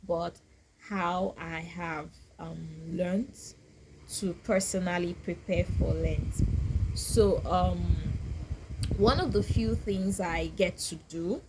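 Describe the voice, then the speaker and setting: Woman vlogger, lower voice, unhurried and reflective, gentle pauses. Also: steady tone, noisy background. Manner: slow, soft-spoken, thoughtful, with many pauses and restarts. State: getting teary and emotional. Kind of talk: casual reflective talk to camera.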